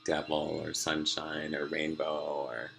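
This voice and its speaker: A man's voice: rumbling low, completely flat delivery, slow, gravelly, a bit bright, faint music behind. A man talking to his viewers in a rambling personal video diary from a room at home, drifting off topic with many fillers and laughs. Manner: meandering, sidetracked, many fillers, laughs often. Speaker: vlogger.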